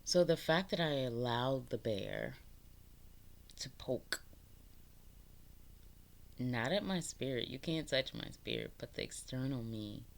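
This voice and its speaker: A woman's voice: very deep voice, very animated, slow, gravelly, long pauses. A woman from the Bronx gives a casual spiritual pep talk to her viewers. She swears freely, laughs often and preaches. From New York, the Bronx. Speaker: spiritual vlogger.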